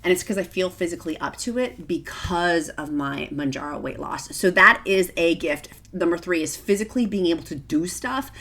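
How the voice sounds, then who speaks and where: A woman's voice: lowish voice, moderate pace, hardly any pauses, a bit bright. A middle-aged woman vlogging to camera in a casual, emotional, gushing way, often close to tears. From Virginia, United States.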